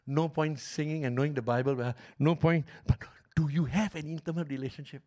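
Pastor, middle-aged man, fairly high voice, passionate sermon delivery. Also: steady tone, fairly quick. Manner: passionate storytelling preacher, swings from loud to hushed.

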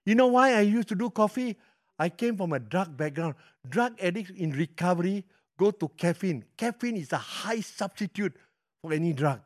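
A middle-aged man with a Malaysian English accent, preaching a sermon with animated storytelling that swings from loud to hushed. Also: high-pitched, normal speed. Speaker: pastor.

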